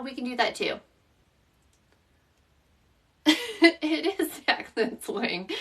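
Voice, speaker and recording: High-voiced Southern woman hosting a craft live. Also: a bit bright, recorded from a distance. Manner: chatty, explains steps while working and answers viewers by name. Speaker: craft shop owner hosting a live tutorial. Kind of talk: live-stream craft tutorial.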